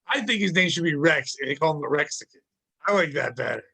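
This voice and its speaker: A man co-hosting a comedy podcast, excitable and profane, laughing often. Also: on the high side, fast, gravelly, breathy edge, rough recording. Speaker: podcast co-host. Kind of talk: casual comedic banter.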